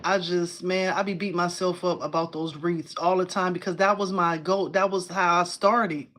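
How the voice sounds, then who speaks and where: A woman hosting a casual crafting live stream from home. She talks in an excitable, chatty way, says "y'all" a lot, and answers viewers' comments aloud. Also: lowish voice, moderate pace. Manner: uses y'all and informal phrasing.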